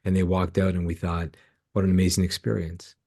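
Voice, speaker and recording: Deep low-voiced canadian guy, middle-aged, telling heartfelt stories on a podcast, acts out the dialogue. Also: flat delivery, brisk, vocal fry, darkish tone. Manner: earnest, emotional storyteller acting out dialogue. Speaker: ministry founder, guest. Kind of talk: storytelling in a podcast interview.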